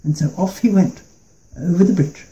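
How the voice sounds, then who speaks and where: Give me a man telling a folk tale gently, high voice and warm tone. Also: a little hiss or hum, rough recording. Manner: gentle, unhurried and playful. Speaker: storyteller.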